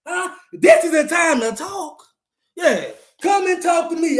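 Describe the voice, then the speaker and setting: Loud gloating man in an echoey room. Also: extremely high pitch, lively intonation, unhurried. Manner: loud gloating, repeating lines, laughing and whooping. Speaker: live stream host. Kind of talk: trash-talking sports live stream.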